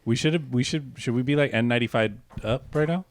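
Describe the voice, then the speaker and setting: A man's voice: mid-range voice, fast. A man co-hosting a comedy podcast, throwing in teasing quips. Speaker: podcast co-host. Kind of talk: casual comedic banter.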